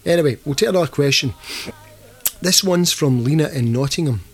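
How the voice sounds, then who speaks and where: A man's voice: on the high side, a little fast, slightly rough. A man co-hosting a podcast, joking, swearing and laughing a lot in casual banter. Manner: sweary, jokey, laughs often. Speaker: podcast co-host.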